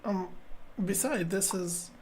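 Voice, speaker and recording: A woman chess streamer thinking aloud as she plays, muttering to herself in halting, repeated phrases. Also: medium pitch, darkish tone, slight background noise.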